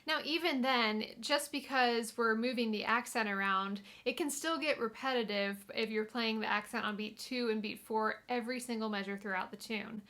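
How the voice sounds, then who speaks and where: A woman's voice: fairly high pitch, moderate pace, hardly any pauses. A young woman teaching fiddle in a video tutorial, explaining in a friendly, casual way with small fillers. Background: fiddle playing between phrases.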